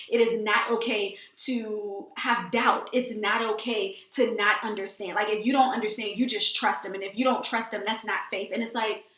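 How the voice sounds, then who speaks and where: A woman's voice: mid-range voice, fairly bright tone. A woman hosting a casual faith talk, earnest and emphatic, often repeating phrases. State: teary. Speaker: host. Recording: echoey room.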